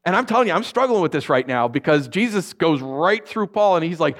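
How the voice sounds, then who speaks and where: A male pastor giving a relaxed, conversational sermon. He talks informally, gets animated, and laughs easily while acting out quotes. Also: fairly high pitch, brisk.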